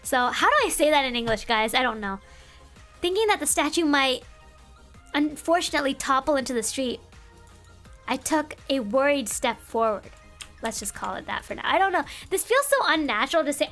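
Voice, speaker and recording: A woman with a high voice gives a casual streamed language lesson. She talks in a playful, rambling way, piling on fillers and quick asides. Soft music sits faintly behind her. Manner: playful, chatty, rambling explanations with many fillers. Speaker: VTuber streamer teaching Japanese translation.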